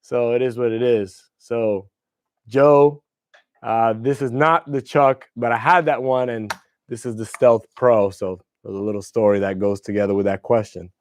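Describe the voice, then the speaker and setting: A man's voice: mid-range voice, fairly even intonation, moderate pace, dry recording. A young man hosting a livestream, telling rambling, profane stories about guitars in casual chat. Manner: loose, profane, rambling storytelling. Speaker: livestream host.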